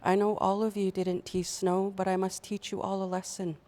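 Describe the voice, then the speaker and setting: A woman's voice: mid-range voice, natural voice. The stern Creator spirit, told by a woman. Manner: slow, even storytelling delivery. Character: the Creator, stern male maker spirit, grave. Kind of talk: oral storytelling.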